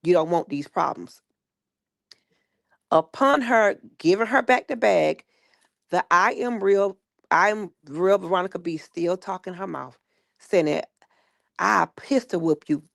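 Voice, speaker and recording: A woman tells a story in a casual, chatty way, jumping into the voices of the people she quotes. Her voice sits on the low side and has a gravelly edge. The sound is dry and close. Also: a little slow, long pauses, no echo. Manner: animated retelling with quoted voices. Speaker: guest recounting stories.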